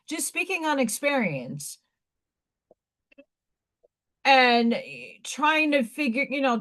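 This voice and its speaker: Woman host, fading New York accent, blunt and rambling, slightly high voice. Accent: faded Staten Island New York. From Staten Island, New York. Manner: blunt, rambling, frequent restarts. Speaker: livestream host. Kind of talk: casual live-stream chat.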